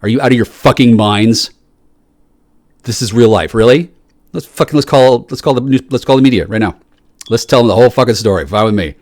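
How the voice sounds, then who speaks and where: A man delivers a rambling, profane solo monologue, swinging from shouts to low mutters and repeatedly restarting his words. He talks fairly quickly, and there's no room sound.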